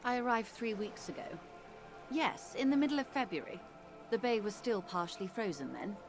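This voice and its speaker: Over music, a woman with a medium-pitched, fairly everyday voice delivers animated game voice acting. She plays a poised, formal middle-aged negotiator, speaking with polished diction in a composed, measured way.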